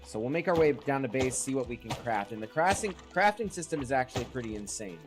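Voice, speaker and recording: A chatty man rambling through casual commentary while he plays, chatting back to viewers as he goes. His voice sits at an ordinary middle pitch with a stuffy, congested edge left over from a cold, and game music runs steadily underneath. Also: animated, fast talker. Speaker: streamer.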